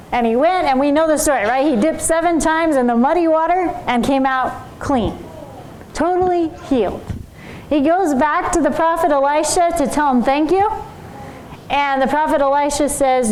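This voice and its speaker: A tired woman teaching a Bible story in an animated, conversational way, asking her listeners questions. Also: high-pitched, moderate pace, a little hiss or hum, poor audio.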